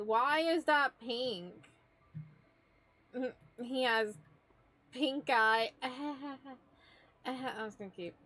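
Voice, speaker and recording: A young woman chatting casually on a live stream while she draws. She gushes and teases in playful slang, her voice fairly high. Her delivery is slow and unhurried. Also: a bit bright.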